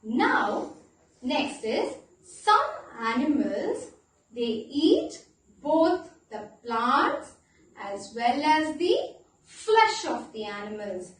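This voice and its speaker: High-voiced teacher in an echoey room. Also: female voice, recorded from a distance. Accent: Indian English. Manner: animated, playful, asks children questions and spells words out slowly. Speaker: primary school teacher. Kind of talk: online class lesson for young children.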